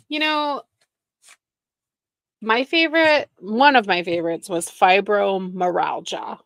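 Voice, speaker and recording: Woman host, slow gravelly delivery, sarcastic and laughing, dry close sound. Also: medium pitch, steady tone, fairly bright tone, dry recording. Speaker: reaction streamer host. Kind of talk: mocking reaction commentary.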